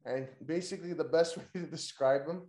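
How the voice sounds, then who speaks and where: Excitable slangy man in an echoey room. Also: a little high, brisk. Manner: excitable, slangy, swearing, frequent "yo" and "dude". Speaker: podcast host. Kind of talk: casual wrestling recap chat.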